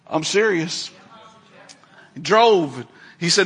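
A middle-aged male pastor delivers a storytelling sermon, his voice sitting a touch high and ringing bright. He presses his points with emphatic repetition and keeps checking in with rhetorical questions to his listeners. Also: moderate pace, slightly rough.

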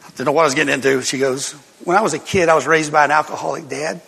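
An older man preaching a sermon, telling folksy stories with sudden loud outbursts. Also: on the high side, fairly even intonation, racing, vocal fry, slightly rough. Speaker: pastor. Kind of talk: sermon storytelling. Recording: long hall reverb.

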